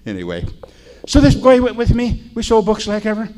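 A man's voice: high voice, huge pitch swings, a little fast, a little mellow. An older man preaching in a chatty, storytelling way, often asking his listeners questions. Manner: folksy, chatty, asks the audience. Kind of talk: storytelling sermon.

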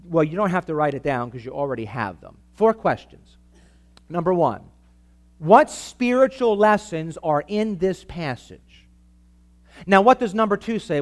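A man's voice: high voice, expressive, moderate pace. A man preaching to a live church audience in an emphatic teaching style, asking the listeners for amens. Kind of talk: sermon-style teaching talk.

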